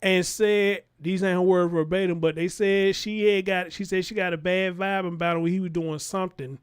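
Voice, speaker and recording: Animated high-voiced man riffing to chat. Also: normal speed, clean tone. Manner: animated, talks straight to chat. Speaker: livestream show host. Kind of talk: casual livestream commentary.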